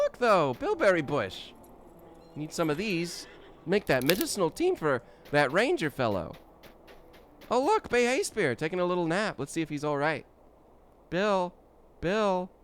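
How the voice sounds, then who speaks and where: A man's voice: high-pitched, wildly swooping pitch, unhurried, pauses often, faint music behind. Playful, giggly male game streamer. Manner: playful, giggly, joking to himself. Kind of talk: casual live-stream chatter.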